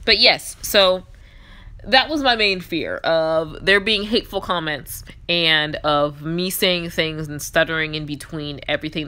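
A woman's voice: fairly low pitch, bright, forceful tone. A woman in her twenties telling a story in a chatty, self-deprecating way while playing a game. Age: 20s. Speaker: gaming YouTuber.

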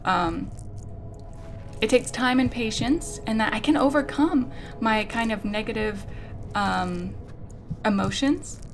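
A woman's voice: a little high, slow, pauses often. A woman hosting a gaming channel, commenting thoughtfully while playing a horror game and talking herself through her fear. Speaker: host of a psychology-themed gaming channel. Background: game music.

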